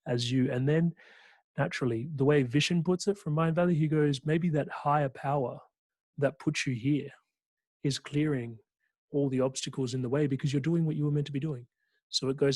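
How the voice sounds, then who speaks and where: A man, a life coach, giving a conversational webinar talk with an animated delivery, often tagging his points with a quick question to listeners. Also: medium pitch, dry recording. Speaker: guest speaker and life coach.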